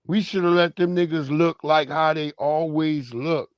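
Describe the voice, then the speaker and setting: A man's voice: on the high side, steady tone, measured pace, no room sound. A man hosting a live stream, giving loose, profane, slangy commentary on video clips.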